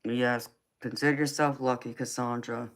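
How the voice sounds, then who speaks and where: A woman's voice: extremely low pitch, fairly even intonation. A woman with a Georgia Southern accent who hosts a late-night live tarot stream, chatting easily with viewers, calling them honey and baby and laughing often. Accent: Southern American (Georgia). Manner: laid-back, slow drawl, laughs often, calls viewers honey and baby. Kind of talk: casual live-chat reading out viewer comments.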